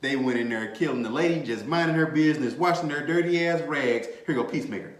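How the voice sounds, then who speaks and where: A man hosting a podcast, chatting casually about a movie in an animated, slangy way, laughing and swearing freely. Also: on the high side, fast. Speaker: podcast host. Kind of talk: casual movie review chat. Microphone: desk mic, bumped at times. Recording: echoey room.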